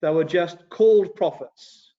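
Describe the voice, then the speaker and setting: A man with a fairly high voice leads an adult Bible class, retelling the scripture in a loose, conversational way with plenty of animation. The recording sounds dull and lo-fi. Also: measured pace. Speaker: Sunday school teacher. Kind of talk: casual Bible class teaching.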